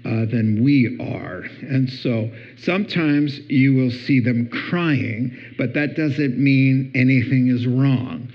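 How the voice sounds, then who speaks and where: A middle-aged man giving a humorous talk on marriage, lively and acting out little scenes in different voices. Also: slow, hardly any pauses. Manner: animated, acts out voices with big pitch jumps. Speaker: speaker on marriage. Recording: dull lo-fi recording.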